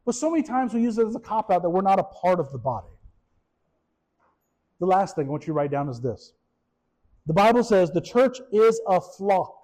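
A man, a pastor, giving a casual, animated sermon, often repeating words and asking his listeners questions. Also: sits high, rough recording. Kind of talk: conversational sermon.

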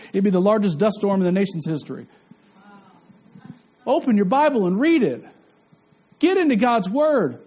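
Preacher, male, very high voice, fervent and repetitive, quizzes the congregation. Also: darkish tone. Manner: impassioned, repetitive, asks the crowd questions. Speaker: pastor. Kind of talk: sermon.

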